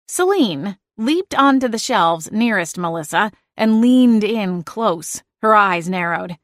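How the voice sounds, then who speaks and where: A woman narrating a cozy audiobook in the first person, lively and expressive. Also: mid-range voice, takes it slowly, few pauses, no room sound, studio quality.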